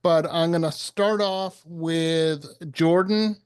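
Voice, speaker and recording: A man's voice: a little high, fairly even intonation, slow pace, clear, resonant tone. A man moderating an online panel on a video call, friendly and upbeat. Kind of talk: casual moderating.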